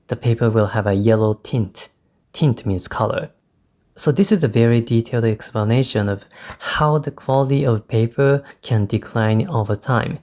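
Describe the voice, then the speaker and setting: Japanese-accented man teaching English, mellow voice. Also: mid-range voice. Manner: slow, careful teaching with repeated phrases. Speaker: English test tutor. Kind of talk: spoken-English lesson with sample answers.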